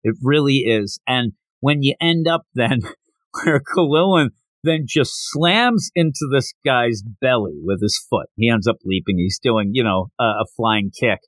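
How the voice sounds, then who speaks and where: A man hosting a podcast, recapping a comic in animated casual talk and acting out the lines. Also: medium pitch, unhurried, dry recording. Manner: animated, acts out quotes. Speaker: podcast host.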